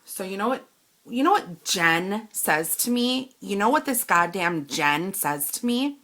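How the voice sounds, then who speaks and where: A young woman from Wisconsin rants through a story about a shop visit, indignant and animated. Her voice is bright and sharp. She speaks into a home camera mic. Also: medium pitch, a little slow. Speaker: vlogger. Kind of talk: angry storytime rant.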